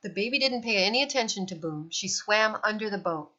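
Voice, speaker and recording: Lady reading a kids' novel out loud, bright voice, bit lo-fi. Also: medium pitch, a little fast. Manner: expressive read-aloud. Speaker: storyteller. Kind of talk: reading a children's novel aloud.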